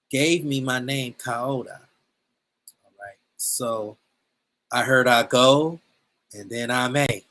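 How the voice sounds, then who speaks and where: Man, bright tense tone, animated storyteller presenting over a video call. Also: medium pitch, low-quality recording. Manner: lively storyteller, acts out quotes. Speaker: presenter, drummer. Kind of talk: animated storytelling at an info session.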